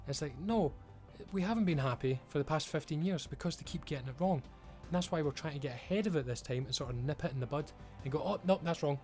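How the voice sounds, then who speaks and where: A man's voice: on the high side, quick pace, few pauses, a little mellow, faint music behind. A man giving an emphatic, frustrated rant as a video creator, swearing often. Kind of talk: ranting commentary.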